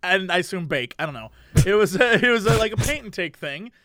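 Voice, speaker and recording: A man co-hosting a casual comedy podcast, animated and quick to laugh, often mimicking voices. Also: high voice, no room sound, studio quality. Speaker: podcast co-host.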